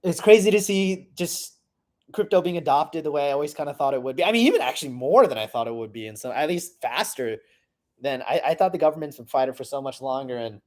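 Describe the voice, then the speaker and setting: A man's voice: a little high, fast talker. Rambling, profane young man reflecting. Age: 20s. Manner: rambling, profane, excitable, trails off. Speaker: vlogger. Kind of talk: casual personal reflection.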